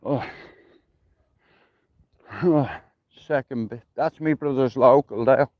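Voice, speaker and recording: A man's voice: medium pitch, takes it slowly, dry recording, phone-quality sound. A middle-aged man with a Dublin accent chatting casually on a livestream while walking outdoors, rambling and swearing with lots of "you know what I mean". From Ireland. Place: outdoors, walking through a neighbourhood.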